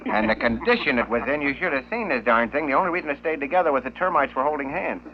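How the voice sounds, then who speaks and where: Man firing off deadpan one-liners. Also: medium pitch, fast talker. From San Francisco, California. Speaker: comedian guest. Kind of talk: joke-telling radio interview. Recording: dull lo-fi 1960s radio with faint hum.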